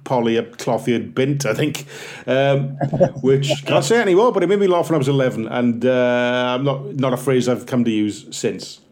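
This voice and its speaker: Welsh guy around 40 rambling through funny stories, self-deprecating, acting out bits, regular pitch. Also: normal speed. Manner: animated, self-deprecating storyteller who acts out bits. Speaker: comedian guest. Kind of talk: casual podcast chat.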